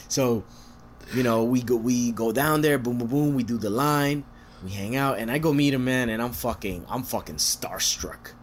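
A man casually telling a story, swearing often, laughing and jumping into high voices to quote people. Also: very animated, measured pace, a little hiss or hum.

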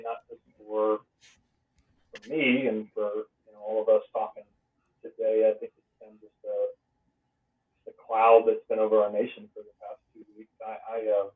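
A young man hosts a podcast, upbeat and joking, then turns to asking questions. His voice comes through a narrow, phone-like band. He sits back from the microphone. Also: mid-range voice. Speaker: podcast host and pastor. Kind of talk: casual podcast conversation. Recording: tinny phone-like line, distant from mic.

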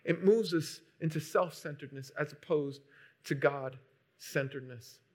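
A man preaching a sermon, emphatic, moving between hushed lines and loud, urgent ones. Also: a little high, measured pace. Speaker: pastor.

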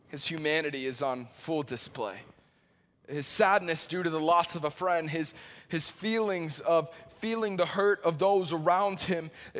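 Guy preaching, high bright voice, goes from loud pleading to almost whispering, slow on the big words, echoey hall. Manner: swings from loud pleading highs to hushed near-whispers; slow, deliberate emphasis on key words. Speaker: pastor. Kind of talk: sermon.

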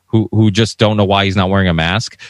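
Low-voiced man ranting heatedly. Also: fairly even intonation, fairly quick, dry recording. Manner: talks in run-on restarts. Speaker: podcast co-host. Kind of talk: casual podcast discussion.

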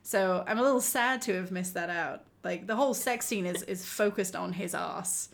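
Woman telling a lively anecdote. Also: on the low side, normal speed, vocal fry. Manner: animated, laughing often, acting out quoted lines. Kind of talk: casual storytelling chat.

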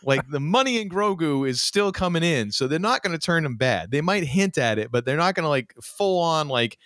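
A man co-hosting a podcast, talking casually and ranting with animated restarts and mock voices. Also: fairly high pitch, normal speed, no room sound, clean studio sound. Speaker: podcast co-host. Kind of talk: casual chat.

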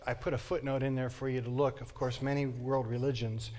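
A man's voice: mid-range voice, little pitch movement, brisk, a little mellow. A man giving a conversational lecture to an adult class in a church, thinking aloud with the odd restart.

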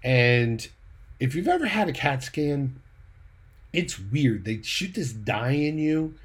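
A man's voice: medium pitch, expressive, slow, husky. A man casually recounting a personal story, retelling the dialogue in a conversational way with the odd light laugh. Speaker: church leader giving a personal update.

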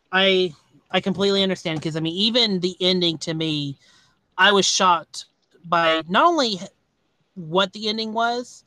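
High, bright-voiced podcast host rambling. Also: male voice, dry recording. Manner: rambling, halting, many restarts and fillers. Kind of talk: casual movie review chat.

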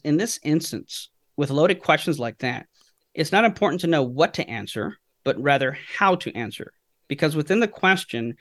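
A man's voice: on the high side, dry recording, studio quality. A man, a guest on a podcast, explaining his approach by telling anecdotes and answering his own rhetorical questions. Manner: teaching through anecdotes, asks himself questions. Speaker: guest speaker. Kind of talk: podcast interview storytelling.

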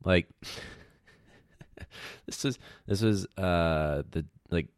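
A young man talks through his own podcast in a relaxed, rambling way, dropping slang and swearing as he jokes about his students. His voice sits very low. The sound is close and dry, with no room around it. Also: extremely slow, clear, resonant tone, no room sound. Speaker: teacher and podcast host. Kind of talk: casual solo podcast chat.

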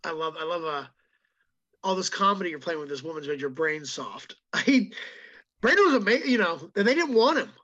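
A man who is a comedian, chatting as a podcast guest and telling animated stories with quick impressions. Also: a little high, muffled recording. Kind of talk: casual podcast chat.

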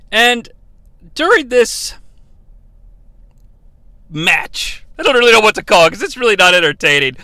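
A man hosting a comedic wrestling recap podcast, sarcastic and profane, breaking into loud impressions. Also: high voice, no room sound. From New York. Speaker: podcast host.

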